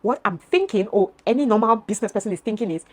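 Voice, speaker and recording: Fast-talking young woman telling a story. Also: mid-range voice. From Cameroon. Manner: animated, addresses viewers as "guys", acts out both sides of a dispute. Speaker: vlogger. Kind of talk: casual storytelling vlog.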